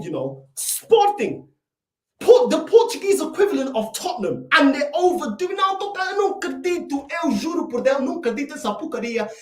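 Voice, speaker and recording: A woman delivering a fuming, repetitive rant as a football fan reacting to a match. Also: high-pitched. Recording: echoey room, mic at a distance.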